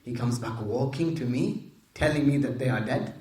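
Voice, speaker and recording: A man's voice: mid-range voice, moderate pace, warm tone. A man retelling a hadith story to listeners, repeating phrases, explaining Arabic terms and asking them questions as he goes. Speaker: religious storyteller. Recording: roomy echo.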